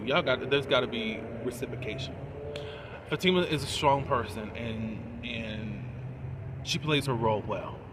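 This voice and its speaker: This man reviews TV episodes, and here he gives a relaxed, talkative recap, breaking into laughter between points and asking his viewers questions. His voice sits at medium pitch, with noise in the background.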